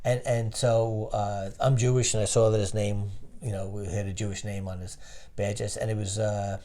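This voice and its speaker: A man's voice: lowish voice, little pitch movement, normal speed, mellow. A man from New Jersey, a guest in a casual interview, who tells stories and quizzes the interviewer with questions. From New Jersey, USA.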